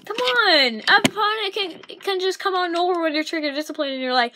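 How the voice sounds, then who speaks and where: A woman's voice: very high voice, animated, quick pace, few pauses, noisy background. A woman vlogger ranting to camera in a frustrated, insulting way and swearing mildly. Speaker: gaming vlogger. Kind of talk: angry rant to camera.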